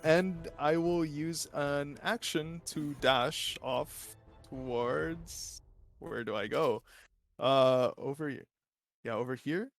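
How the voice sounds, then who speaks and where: A man's voice: fairly high pitch, slow pace, faint music behind. A man playing a tabletop game, hesitant and searching for words. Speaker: player.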